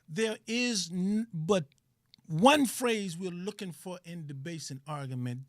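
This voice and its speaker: A man's voice: high-pitched, dry recording, clean studio sound. A man hosting an online talk radio show, holding forth in an emphatic, preachy monologue that repeats phrases for stress and turns blunt and profane at times.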